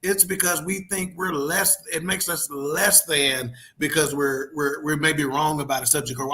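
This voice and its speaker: A man's voice: fairly high pitch, steady tone, normal speed, few pauses, sharp tone. A man hosting a podcast in casual discussion, talking with preacher-like emphasis and playful call-and-response. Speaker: podcast host.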